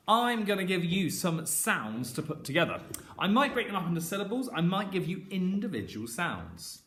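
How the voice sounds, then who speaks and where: Man, primary school teacher, phonics lesson, sounds out words clearly, encouraging, echoey room. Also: fairly high pitch, big pitch swings, a little slow, fairly bright tone. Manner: encouraging, with frequent praise.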